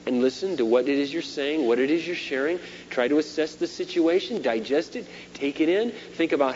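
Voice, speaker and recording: A man's voice: a little high, moderate pace. Man preaching on a dull old tape. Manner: animated preaching, shifts between loud emphasis and quiet asides. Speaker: pastor. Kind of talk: sermon. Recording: dull lo-fi sermon tape with faint hum.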